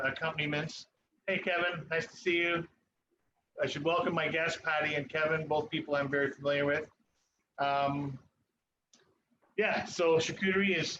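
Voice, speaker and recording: A man, a chef and cooking instructor, giving a relaxed live cooking demonstration in a ski club kitchen, pausing often as he explains. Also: fairly high pitch. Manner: relaxed, instructive, with frequent pauses. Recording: muffled online stream with background noise.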